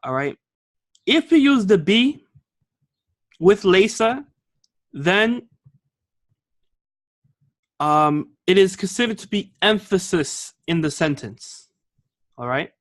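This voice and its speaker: In a classroom grammar lesson, a male Arabic teacher explains patiently in a high-pitched voice with lively intonation, taking his time and pausing often. He moves between English and Arabic and keeps checking on the class with "okay?" and "all right?"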